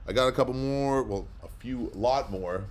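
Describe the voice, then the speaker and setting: A man's voice: medium pitch, normal speed. Chatty rambling male auction host. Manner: rambling, chatty, many fillers. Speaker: live comic auction host. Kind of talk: casual livestream chat.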